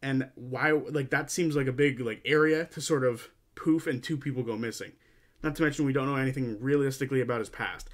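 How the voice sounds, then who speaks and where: A man's voice: mid-range voice, a little fast. A young man giving casual fan theory commentary, arguing his case and repeating points for emphasis.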